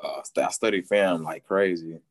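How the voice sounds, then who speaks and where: A man, a football player telling a story in an interview and acting out quotes with big jumps in pitch, laughing often. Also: normal speed.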